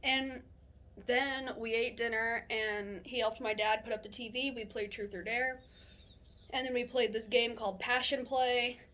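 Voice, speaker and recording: A young woman vlogger telling a personal story in a chatty, animated way, swearing freely and laughing as she goes. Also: on the high side, a little slow. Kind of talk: casual storytelling to camera.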